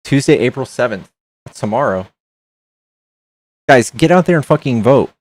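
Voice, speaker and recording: A male streamer talks loosely with his chat, reading passages aloud and reacting with frequent swearing. His voice sits at an ordinary middle pitch. The close mic sounds dry, with no room around it. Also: lively intonation, moderate pace, darkish tone, no room sound. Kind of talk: casual livestream chat.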